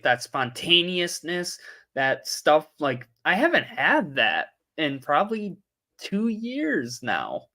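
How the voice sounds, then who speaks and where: Hosting a casual livestream, a young man chats loosely with viewers and keeps losing his train of thought. His voice is a little high with a sharp tone.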